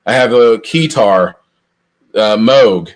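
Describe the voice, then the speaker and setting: A middle-aged man co-hosting a podcast, telling long rambling anecdotes with lively restarts. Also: lowish voice, takes it slowly. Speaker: podcast co-host. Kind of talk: casual storytelling chat.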